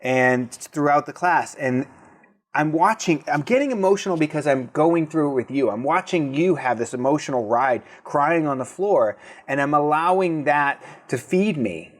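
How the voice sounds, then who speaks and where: A man's voice: on the high side, lively intonation, normal speed. A man with a Boston accent, a breathwork teacher being interviewed, talking openly and emotionally in a rambling casual way. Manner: open, emotional, rambling with restarts.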